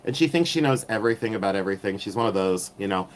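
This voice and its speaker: A man's voice: on the low side, lively intonation, racing, slight background noise. A middle-aged man hosting a casual live stream, rambling with many ums and turning sassy and catty when riled.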